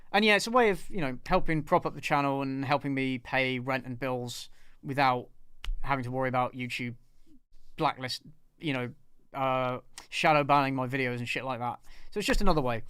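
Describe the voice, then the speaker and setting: A man's voice: on the high side, fairly bright tone, clean tone, no room sound. A man hosting his channel, talking through a film review in a casual, rambling way with fillers and the odd swear word. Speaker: channel host. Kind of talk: live review discussion.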